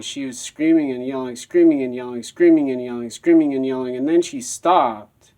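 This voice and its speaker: A man's voice: mid-range voice, normal speed, mellow. A man telling a personal story in a rambling, repetitive monologue.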